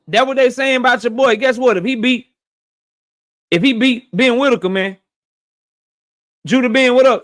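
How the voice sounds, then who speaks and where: A man's voice: extremely high pitch, fairly bright tone. A young man hosting a boxing talk show, blunt and profane, repeating lines for emphasis. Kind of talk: casual opinionated commentary.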